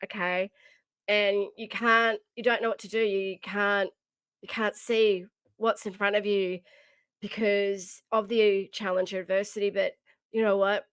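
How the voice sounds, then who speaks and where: On her motivational leadership podcast, a middle-aged host and coach speaks in an unhurried, flat mid-range voice that is a bit bright and clean. She talks with heartfelt emphasis, repeating key phrases, in a dry recording.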